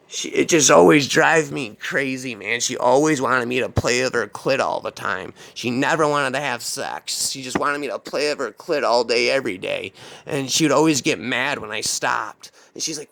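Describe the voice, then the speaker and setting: A man's voice: medium pitch, moderate pace, vocal fry, a bit bright. A man telling a crude comedic horror story in a rambling, profane, casual way.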